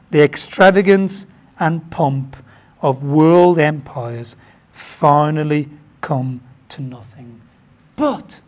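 A pastor from the United Kingdom preaches a sermon with excitable animation, his pitch and loudness jumping suddenly.

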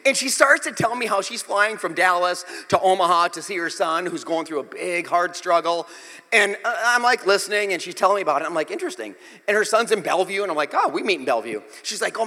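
A male pastor with a fairly high, very bright and ringing voice tells a story with big dramatic energy. He acts out each exchange as he goes. His words carry a long reverb through the hall. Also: fast. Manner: animated, dramatic storytelling with acted-out dialogue. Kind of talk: storytelling sermon.

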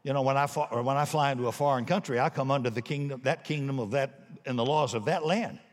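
A man preaching a sermon, telling a story and swinging between hushed moments and shouts. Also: medium pitch, quick pace. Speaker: pastor. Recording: long reverb of a large hall.

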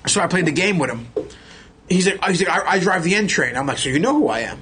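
A middle-aged man, a podcast guest telling animated stories and acting out the voices of other people. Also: high-pitched, quick pace, husky. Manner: animated, acts out quoted voices. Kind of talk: casual storytelling chat.

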